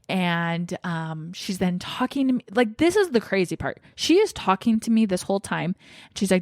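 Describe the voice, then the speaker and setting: A woman's voice: mid-range voice, normal speed, dry recording, clean studio sound. A young woman vlogger telling a personal story in a casual, emotional way, shaky and tearful at times.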